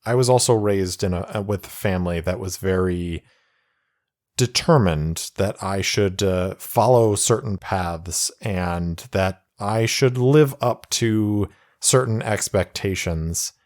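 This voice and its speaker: A man's voice: low voice, slow, a little mellow. A man voicing an earnest, kind young male pilot who stammers and trips over his words.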